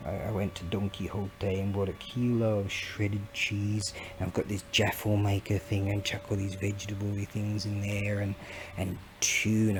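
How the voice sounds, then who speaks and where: A man's voice: on the low side, a little mellow. Brief: man, middle-aged, rambling chatty vlog talk, faint background hiss. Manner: rambling, chatty, laughs often, talks to himself. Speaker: vlogger.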